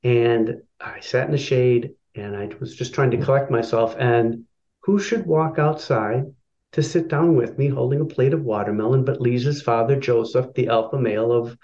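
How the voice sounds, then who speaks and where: A man's voice: mid-range voice, normal speed. Male guest, mid-range voice, storytelling with fillers, lo-fi recording. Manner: personal, animated storytelling with filler words. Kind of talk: storytelling in an interview.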